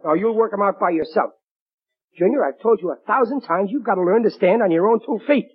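Bossy blustering radio-sitcom dad. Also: male voice, high-pitched, animated, fairly quick, husky. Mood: coaxing, lecturing. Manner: bossy, nagging, exasperated. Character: blustering, fussy working-class dad. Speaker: father of the household. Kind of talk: 1940s radio sitcom acting. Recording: tinny old radio broadcast.

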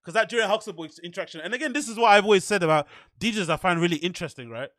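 Rapid-fire and with lively intonation, a podcast host with a high, bright voice tells loose, profane stories in a casual chat, rambling and doubling back. The audio is close and dry.

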